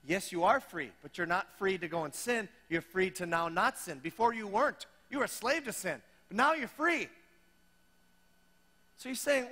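A man's voice: high-pitched, animated, unhurried, bright, forceful tone, in a large hall. A man preaching a sermon, speaking conversationally and acting out imagined objections from his listeners. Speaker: pastor. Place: church hall.

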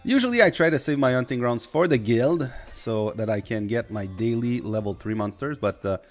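A man's voice: medium pitch, expressive, normal speed. A man streaming a mobile game, chatting casually with viewers and welcoming them as he plays. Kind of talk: casual live-stream chat.

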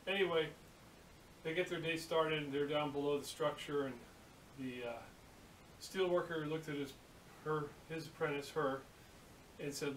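A man hosting a workshop video, chatting casually and telling a story in a relaxed, rambling way. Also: fairly high pitch, moderate pace, long pauses. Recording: echoey room from a distance, hiss.

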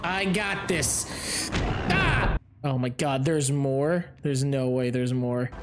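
A man giving let's play commentary, excitable, yelping and groaning, swearing, with mock-dramatic asides. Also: medium pitch, takes it slowly, background noise. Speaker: gaming YouTuber.

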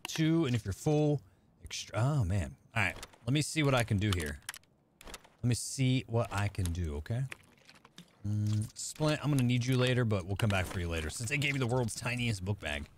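A man streaming a game live, chatting casually with viewers and thinking out loud as he plays. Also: mid-range voice, animated, normal speed, a little hiss or hum. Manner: chatty, thinking aloud, talking to chat. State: out of breath. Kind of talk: casual live-stream chat while gaming.

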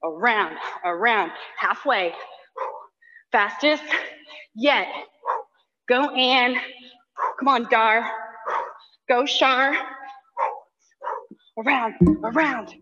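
Woman fitness instructor, bright edgy voice, slow spaced-out cues, countdowns and name cheers, breathing hard, dull lo-fi audio. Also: fairly high pitch, big-room sound. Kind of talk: live workout coaching. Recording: dull lo-fi online class audio.

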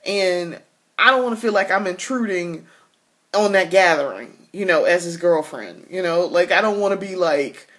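A woman's voice: on the low side, expressive, fairly bright tone. Candid, laughing woman vlogger. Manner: candid, laughs often between thoughts, halting restarts. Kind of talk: casual personal vlog chat.

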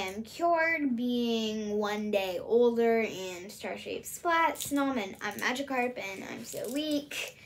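A woman from the US Midwest, hosting a casual solo vlog and rambling hesitantly with many fillers. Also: on the high side. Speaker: channel host.

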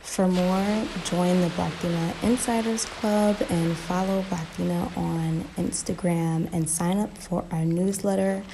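A woman's voice: lowish voice, steady tone, measured pace, creaky, few pauses, mellow, slight background noise, low-quality recording. A woman narrating a folk tale and explaining its moral. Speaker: storyteller. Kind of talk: storybook narration.

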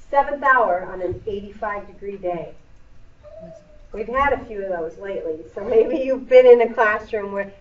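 A woman's voice: a little high, far from the mic, background noise. A woman teaching a middle school English lesson in a classroom, explaining patiently with playful asides. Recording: echoey classroom recorded from afar, dull.

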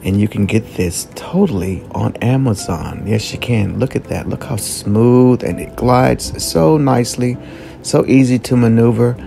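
A man talks through a gadget in a casual review vlog, upbeat and chatty. His voice is gravelly and sits at a middle pitch. He repeats words when he wants to stress a point. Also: a little slow, mellow, faint music behind. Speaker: product reviewer.

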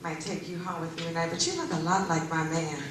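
A woman's voice: on the low side, fairly even intonation, fast. A woman performing live stand-up comedy, working the crowd in a brash, salty way before an audience. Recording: echoey live venue, noisy.

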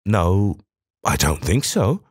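A man voicing a flustered fifty-year-old male museum scholar who talks in a hurried, breathless, agitated way in an audiobook. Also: deep voice, very animated, slightly rough, no room sound, studio quality, full character voice. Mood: urgent. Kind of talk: audiobook character voice.

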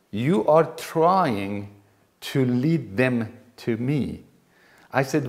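A man's voice: on the low side, darkish tone. Earnest man teaching faith. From Iran. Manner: earnest, with repeated restarts. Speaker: Christian teacher. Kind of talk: teaching video talk.

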